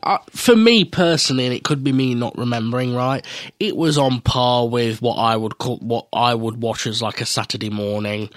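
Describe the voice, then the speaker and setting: A man's voice: mid-range voice, normal speed, no room sound. Chatty man, dry close sound. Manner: chatty, candid, swears casually. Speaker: podcast co-host. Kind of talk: casual review chat.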